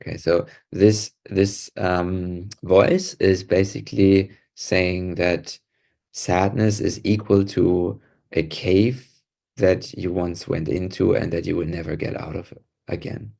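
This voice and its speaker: Low gravelly man gently guiding. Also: steady tone, slow pace. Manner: gentle, encouraging, repeats short affirmations. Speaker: podcast co-host guiding an emotional release exercise. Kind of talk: calm guided facilitation.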